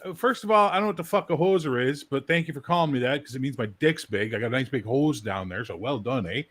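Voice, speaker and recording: A man from Maritime Canada riffing on a casual podcast. His voice sits at a middle pitch, and he swears freely, building into mock-outraged rants. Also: lively intonation, fast, a bit bright. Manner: profane, mock-outraged ranting. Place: Montreal.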